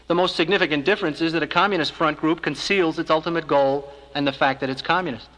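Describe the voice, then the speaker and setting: A man with a fairly high voice delivers scripted filmstrip narration in a measured, earnest tone, pressing his case steadily. The sound is an old 1970s filmstrip track with a long hall reverb trailing each phrase. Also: a bit bright. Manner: measured, earnest persuasive address. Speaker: organization spokesman narrating a filmstrip.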